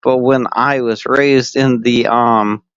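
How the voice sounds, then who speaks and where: A man's voice: mid-range voice, fairly even intonation, takes it slowly, smooth, no room sound, lightly acted. A man putting on a boastful Italian New York man who rambles and contradicts himself. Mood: mock-boastful. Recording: dull lo-fi stream audio.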